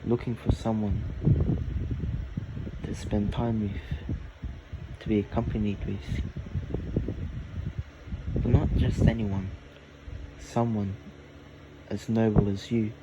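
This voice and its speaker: A man's voice: on the low side, little pitch movement, takes it slowly, pauses often, heavy background noise. A man voicing a solemn old dragon. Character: ancient lonely male dragon, calm but menacing.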